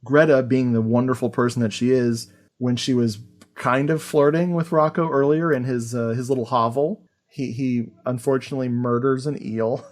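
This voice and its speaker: A man hosting a podcast, chatting casually about an old film, animated and full of fillers and laughter. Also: medium pitch, moderate pace. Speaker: podcast host. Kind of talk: casual film review chat.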